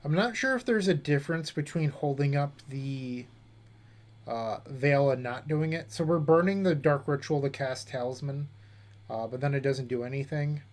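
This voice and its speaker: Young male streamer, casual mid-pitch talk, plays narrated as he thinks, loose chat with the audience. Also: normal speed. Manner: thinking aloud, chatting with viewers between plays. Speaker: streamer playing a card game. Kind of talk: casual gameplay commentary.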